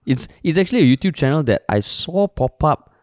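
A man's voice: on the high side, sing-song, brisk, darkish tone, no echo, clean studio sound. A young man with a Singaporean English accent co-hosting a podcast, talking in an easygoing, casual way with bits of "lah" and "sia". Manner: easygoing, laid-back, uses "lah" and "sia". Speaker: podcast co-host.

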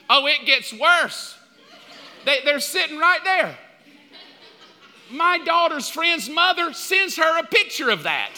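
A man in his fifties preaching a sermon, telling stories with animated, mock-outraged outbursts. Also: very high voice, normal speed, big-room sound. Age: 50s. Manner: animated storytelling, jumps up loud in mock outrage. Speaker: pastor.

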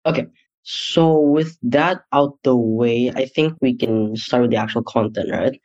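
A man's voice: mid-range voice, steady tone, measured pace, a little mellow. Teenage boy hosting a lo-fi podcast. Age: teens. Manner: loose, searching phrasing with many "like" fillers. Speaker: student podcast host. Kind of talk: casual interview. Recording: dull lo-fi audio.

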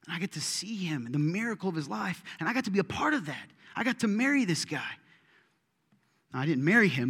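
A man's voice: high-pitched, big pitch swings, fast, a bit bright, husky, long reverb tail. A middle-aged man preaching a sermon in a church, joking and chatty at first, then building to emphatic preaching. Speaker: pastor. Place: church sanctuary.

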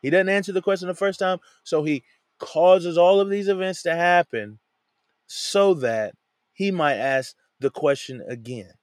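A man's voice: high voice, unhurried, no echo. A man teaching a Bible passage in a loose, conversational way, often tossing in "man" and "you know what I'm saying". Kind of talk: casual Bible study talk. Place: lives in a van.

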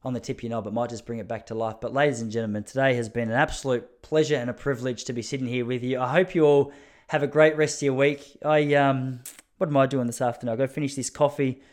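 A man's voice: medium pitch, steady tone, fast talker. Rambling man, solo podcast. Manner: rambling, self-mocking, laughs at own jokes. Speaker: podcast host. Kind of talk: casual solo monologue.

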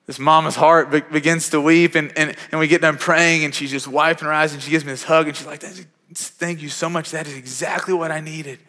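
Church pastor preaching in a reverberant hall. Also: male voice, on the high side, little pitch movement, brisk, few pauses. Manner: conversational, repeats words when starting phrases, builds to louder emphatic peaks. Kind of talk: sermon with personal story. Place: church sanctuary.

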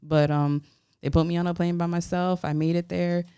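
Gravelly-voiced young woman telling stories. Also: on the low side, normal speed, no room sound, clean studio sound. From Florida. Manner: animated, acts out quoted voices, many "like" fillers. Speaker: photographer guest. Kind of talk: casual interview storytelling.

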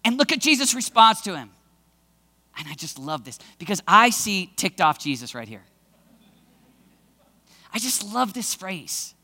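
A male preacher giving a dramatic sermon, acting out scenes and bursting into shouts, in a large hall with long reverb. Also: high-pitched, sing-song, a little slow, long pauses.

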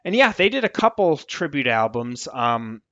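A man's voice: medium pitch, very animated, normal speed, fairly bright tone, no room sound. Digressive American man, dull dry sound. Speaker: author guest. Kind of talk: casual interview.

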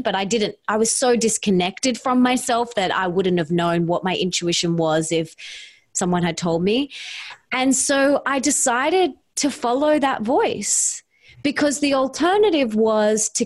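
A woman with a voice of middle pitch talks as a podcast guest. She tells a personal story in easy conversation. Her delivery is lively, and she acts out her own past dialogue as she goes.

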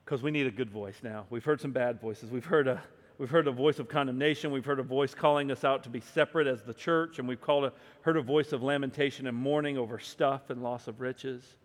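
A man preaching a sermon and reading scripture aloud, moving between hushed stretches and loud, emphatic ones. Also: mid-range voice, fairly even intonation, a little fast. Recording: long hall reverb.

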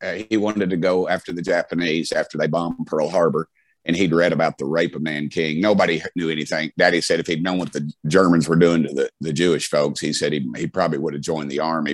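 There's a middle-aged man from Tennessee here, his Southern-accented voice sitting low with no echo around it. He's a guest in an interview, casually spinning folksy stories and leaning on fillers and frequent restarts.

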